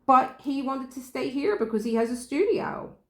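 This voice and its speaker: Woman, casual storyteller vlogging from home; animated retelling with laughs, room echo audible. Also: sits high, moderate pace. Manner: chatty, acts out quoted dialogue, laughs often. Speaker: diamond painting vlogger.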